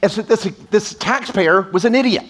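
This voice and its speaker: A man speaking as a tax attorney at a live event, energetic and sarcastic, slipping into quoted voices, on a stage microphone. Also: sits high, normal speed. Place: event stage before an audience.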